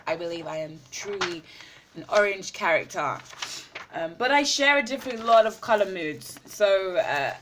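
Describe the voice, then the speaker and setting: A woman's voice: lowish voice, a bit bright, a little hiss or hum. A woman talking effusively in a casual video diary, full of fillers and repeated words, at times chewing as she speaks. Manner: talks while eating. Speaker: vlogger.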